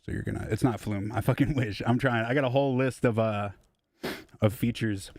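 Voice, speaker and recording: A man's voice: medium pitch, steady tone, a little fast, a little mellow. A young man streaming live from his home studio as a music producer, chatting casually in a rambling, profane, self-deprecating way.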